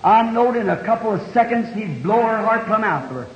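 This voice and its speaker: A man's voice: high voice, animated, fairly quick. A man preaching a sermon, telling a story in a folksy country way with plain homespun grammar. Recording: dull, echoey 1960 hall recording.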